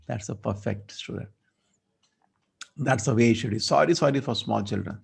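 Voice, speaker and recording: A man teaching a scripture class, telling the story lively and acting out the dialogue. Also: on the low side, fairly quick, vocal fry, slightly rough. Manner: storytelling, acts out dialogue, asides. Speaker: spiritual teacher.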